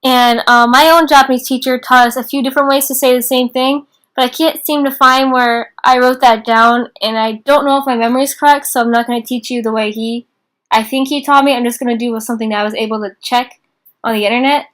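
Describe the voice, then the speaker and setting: A woman's voice: a little high, fairly even intonation, fairly bright tone. Chatty young woman teaching beginners. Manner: chatty and informal, many "like" and "um" fillers, slows down to repeat phrases. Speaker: teacher of a beginner Japanese class. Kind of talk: casual online lesson.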